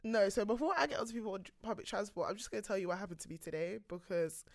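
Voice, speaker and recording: A woman's voice: mid-range voice, very fast, no echo, clean studio sound. A young woman, telling a story in casual chat, laughing often and acting out what people said. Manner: animated storyteller, laughs often, acts out quotes. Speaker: podcast co-host.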